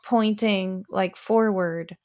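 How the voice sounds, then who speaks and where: Her voice is mid-range with a darkish tone, slow and fairly even in intonation. She's a podcast co-host in relaxed conversation, wandering through her points with frequent fillers and restarts.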